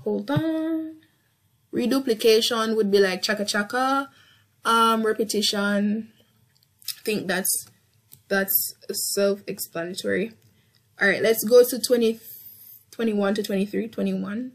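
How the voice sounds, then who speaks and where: A woman's voice: medium pitch, a little slow. A young woman tutoring through an exam paper, thinking aloud with frequent ums and self-corrections. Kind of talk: casual past-paper walkthrough.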